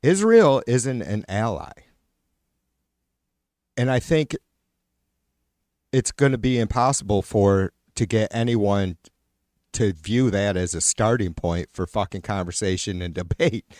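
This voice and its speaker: A lowish-voiced man on a live stream, venting in casual, profane, sarcastic talk. He keeps trailing off and restarting as he argues with himself. The sound is close and dry, with no room echo. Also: measured pace, pauses often, a little mellow. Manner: talks to a co-host, often trailing off and restarting.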